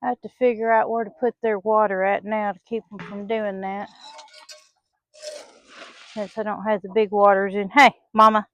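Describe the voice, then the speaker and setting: Working in the poultry pen of a small farm, a woman who vlogs about farm life talks casually and chides her hens like kids in a sing-song way. She has a mid-range voice with little pitch movement, speaks at normal speed, and leaves long pauses. The outdoor audio is dull and lo-fi, with no echo.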